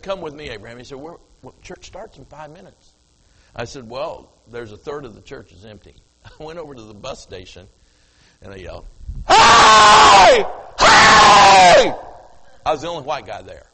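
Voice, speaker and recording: A man's voice: medium pitch, a bit bright, long reverb tail, a little hiss or hum, poor audio. An older man preaching a sermon, telling a story from the platform and acting out the dialogue. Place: church platform before congregation.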